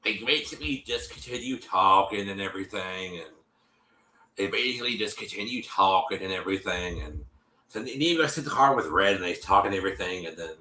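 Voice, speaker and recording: A man hosting a show, recapping an episode in casual chat, animated and full of fillers, with a cough. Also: low voice, a little fast, roomy sound, low-quality recording. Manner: animated, lots of fillers and repeats, acts out quotes.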